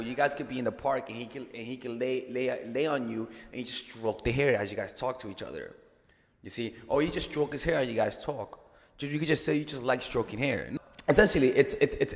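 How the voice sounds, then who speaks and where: A man's voice: medium pitch, fairly bright tone, long reverb tail. A man giving casual dating advice as a coach, chatty and profane, repeating words and joking as he goes.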